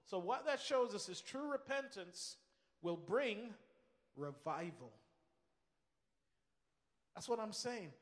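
Male preacher, high voice, emphatic sermon delivery with repeated phrases, long reverb of a big hall. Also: expressive, takes it slowly, pauses often.

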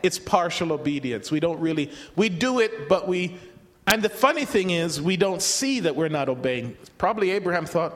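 High-voiced male preacher in a reverberant hall. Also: expressive, moderate pace, fairly bright tone. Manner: conversational, repeats words and restarts, acts out quoted voices. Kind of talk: sermon.

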